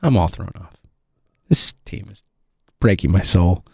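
A man's voice: low voice, animated, a little slow, vocal fry, dark tone, husky, no room sound, clean studio sound. A man, ranting in frustration about his baseball team, rambling and laughing bitterly. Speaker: sports fan commentator. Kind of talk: ranting sports commentary.

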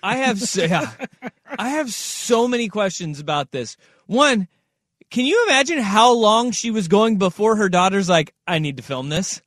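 Animated high-voiced male podcast host. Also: unhurried, dry recording, studio quality. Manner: animated, riffing, reenacts quotes. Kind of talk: casual chat.

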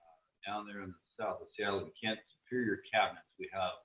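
A man's voice: fairly low pitch, steady tone, fairly quick, fairly bright tone. A man hosting a radio talk show, chatty and upbeat with lots of fillers. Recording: distant, echoey, phone-like sound.

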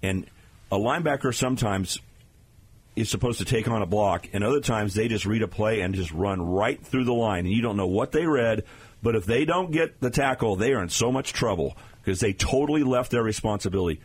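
Low husky man analyzing football plays. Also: fairly quick. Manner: emphatic, explanatory. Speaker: in-studio guest analyst. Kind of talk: sports radio talk.

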